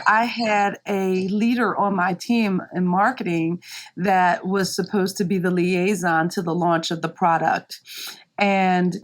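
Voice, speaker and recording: A woman guest speaking candidly and emphatically, acting out other people's lines in raised voices as she tells a work story. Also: mid-range voice. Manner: animated, acts out quotes in raised voices; emphatic, frequent "right?" and "you know". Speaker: podcast guest, marketing leader.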